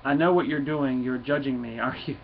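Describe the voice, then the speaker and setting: A man's voice: mid-range voice, fairly even intonation, fairly quick, natural voice. A man voicing a drunken, boisterous male dragon in a comic book read-aloud, with dull lo-fi sound and faint noise. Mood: pleading.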